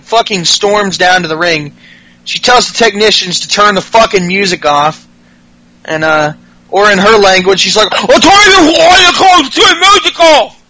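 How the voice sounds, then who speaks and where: A man's voice: high-pitched, pushed and bright, rough recording. A man hosting a podcast, recapping wrestling in casual, profane chat with frequent laughs. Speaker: podcast host.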